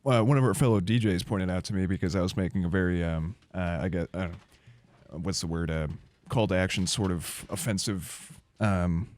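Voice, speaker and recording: A man's voice: low voice, normal speed, darkish tone, no echo. A young man hosting a casual radio panel chat, hesitant, with many ums and uhs. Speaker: radio show host.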